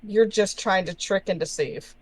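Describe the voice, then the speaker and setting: High-voiced man, blunt player. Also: normal speed, poor audio. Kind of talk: in-character tabletop role-play.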